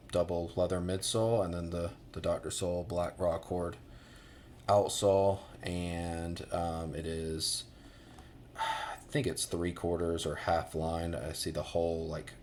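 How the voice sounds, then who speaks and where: A man's voice: deep voice, darkish tone, a little hiss or hum. An American man giving a casual boot review, rambling with many fillers and restarts.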